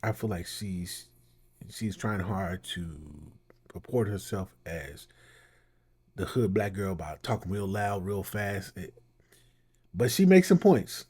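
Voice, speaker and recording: A man hosting a casual reaction show. His voice is husky and mellow, and his talk rambles loosely, like chat. He sounds relaxed and conversational. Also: sits low, takes it slowly, pauses often. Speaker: commentary host.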